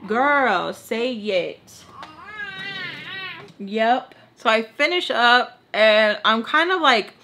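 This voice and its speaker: A young woman telling a storytime tale in casual chat, animated and exasperated, filling her talk with "like". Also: a little high, extremely slow, a little hiss or hum. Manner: animated, exasperated, heavy use of "like". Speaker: vlogger.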